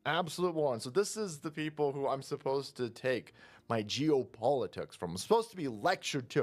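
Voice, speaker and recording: Soft music plays behind a man whose expressive, normal-speed voice carries ranting, profane political commentary. He ridicules those he talks about, imitating them in high voices.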